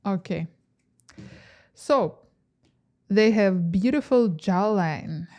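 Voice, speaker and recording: A woman giving a pick-a-card tarot reading to camera, gentle and musing, with frequent fillers and soft laughs. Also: mid-range voice, expressive, drawn-out words. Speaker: tarot reader.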